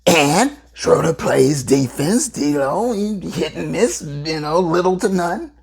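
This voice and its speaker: A woman's voice: low voice, slow, creaky, breathy edge. A woman hosting a solo basketball talk show, giving emphatic, playful commentary. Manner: emphatic, animated, playful asides. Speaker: podcast host.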